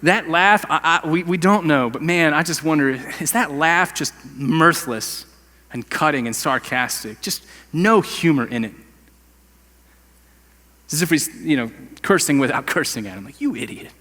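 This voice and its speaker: A man's voice: a little high, moderate pace, pushed and bright, in a large hall. A male pastor preaching a sermon in a conversational, emphatic way, with casual slang. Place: church sanctuary.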